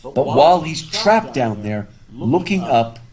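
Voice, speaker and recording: A man lecturing to a live class while wearing a face mask, chatty and animated, often repeating words as he thinks aloud. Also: medium pitch, a little slow, a crowd in the background, poor audio. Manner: talking through a face mask. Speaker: professor. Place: university classroom with students. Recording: classroom with students audible.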